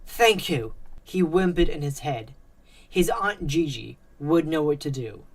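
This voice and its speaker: A woman reading a dark horror story aloud in a measured, suspenseful way. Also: low voice, animated. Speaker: narrator. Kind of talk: scripted story narration.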